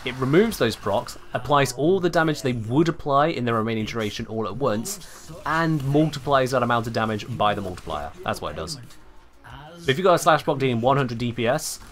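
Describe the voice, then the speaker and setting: Animated male streamer with sweeping intonation. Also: brisk. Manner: animated, sweeping highs and lows like old-time radio. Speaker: game streamer. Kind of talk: live gameplay commentary.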